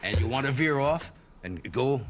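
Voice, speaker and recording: A man hosting a late-night talk show, putting measured questions to his guest. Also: mid-range voice, animated. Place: TV studio before a live audience. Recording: archival TV with studio audience. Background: audience laughter and murmur.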